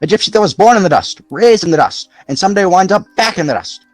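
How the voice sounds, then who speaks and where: A man's voice: sits high, lively intonation, fast talker, no echo, soft background music, voice pushed up. A man doing a breathless, daring boy. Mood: awed. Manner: eager, breathless. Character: excitable, restless, daring boy of thirteen.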